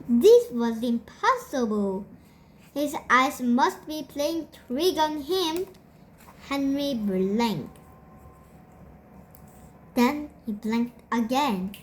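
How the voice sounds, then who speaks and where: A child reading a storybook aloud in a halting way, stumbling and repeating words. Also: mid-range voice, a little hiss or hum, low-quality recording. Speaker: storybook reader.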